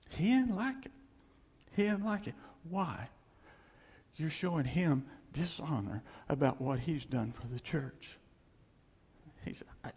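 A man preaching an animated sermon as a pastor, chuckling often and acting out voices. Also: fairly high pitch, slow pace, pauses often, husky, in a large hall.

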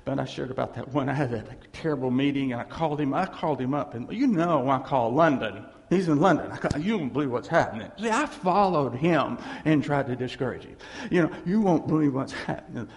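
A man's voice: medium pitch, a little fast. A man preaching a sermon as pastor, telling stories with laughs and acted quotes. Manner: animated storytelling with laughs and voiced quotes. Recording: long hall reverb.

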